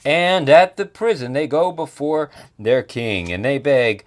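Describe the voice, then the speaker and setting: A man's voice: medium pitch, slow, hardly any pauses. A man narrating a casual board game unboxing as the channel's reviewer, joking playfully as he goes. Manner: playful, jokey commentary.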